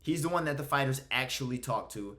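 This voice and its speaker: A man's voice: mid-range voice, animated, fairly quick, sharp tone. A young man hosting his own video channel, ranting bluntly and with heavy profanity. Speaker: MMA commentary YouTuber.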